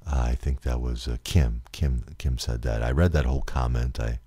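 A man's voice: extremely low pitch, steady tone, moderate pace, warm tone, husky, no echo. A man hosting a solo podcast, rambling earnestly and stumbling over repeated words, close to tears. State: near tears. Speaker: podcast host.

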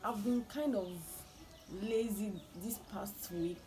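A woman's voice: medium pitch, slow, over music. A young woman chatting to her viewers in a casual vlog from home, laughing often and restarting her sentences. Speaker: vlogger.

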